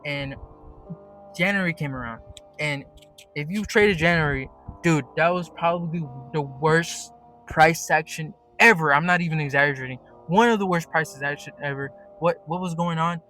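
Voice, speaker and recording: A man's voice: on the high side, moderate pace, bright, forceful tone, soft background music. Rambling, profane young man vlogging. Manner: profane, rambling, many restarts. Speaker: day trader vlogger. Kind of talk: casual monologue. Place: at work.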